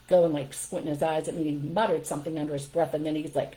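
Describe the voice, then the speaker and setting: A woman's voice: low voice, expressive, fast talker, hardly any pauses, mellow, poor audio. An older woman giving firm, emphatic parenting advice straight to her viewers in a casual livestream talk.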